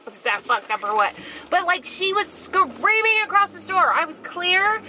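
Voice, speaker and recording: A woman's voice: very high-pitched, normal speed, slight background noise, rough recording. A woman vlogging casually from her car and stores, telling a gossipy story with lots of swearing. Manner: profane, gossipy, animated storytelling. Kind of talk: casual chatty vlog. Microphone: handheld camera mic.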